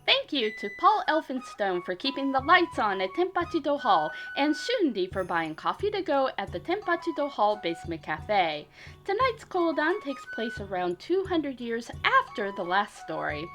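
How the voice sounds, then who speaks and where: A woman's voice: high voice, very animated, moderate pace, a bit bright, faint music behind. A woman telling a comic historical story as a storyteller, playfully switching into character voices.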